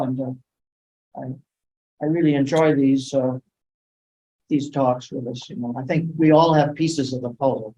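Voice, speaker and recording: A man's voice: medium pitch, a little mellow, highs cut off. Rambling man lecturing, hesitant. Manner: rambling, hesitant, many ums and restarts. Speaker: guest speaker. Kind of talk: lecture talk on sacred sites and ancient myths.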